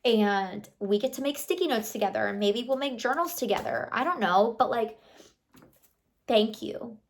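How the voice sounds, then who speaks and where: A woman in her thirties vlogs to the camera in a casual, motivational chat, her slightly high voice lively in intonation and moving at a normal speed. She's chatty and affirming, peppering her talk with "like" and "you know," while a little background noise hums behind her.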